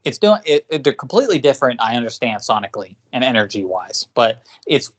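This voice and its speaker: A man co-hosting a casual music podcast, rambling and restarting his sentences, now and then loudly mimicking the songs he talks about. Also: medium pitch, big pitch swings, fast. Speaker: podcast co-host.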